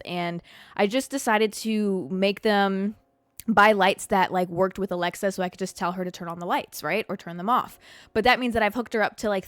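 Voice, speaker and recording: A young woman hosting a casual solo podcast from her couch at home, talking in an animated, expressive way and swearing a lot. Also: mid-range voice, no room sound. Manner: animated and expressive, heavy swearing, frequent "like" fillers. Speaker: podcast host.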